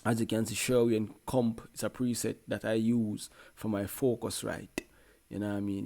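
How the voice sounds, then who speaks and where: A man's voice: on the low side, gravelly, warm tone. A man with a Jamaican accent, a music producer talking casually through a tutorial in a laid-back way. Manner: laid-back, peppered with "you know what I mean".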